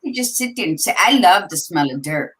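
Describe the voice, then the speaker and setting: A woman's voice: lowish voice, animated, fairly quick, a bit bright, low-quality recording. A woman co-hosting a talk podcast, casual and encouraging, speaking straight to the listener. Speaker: podcast co-host. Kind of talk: casual chat.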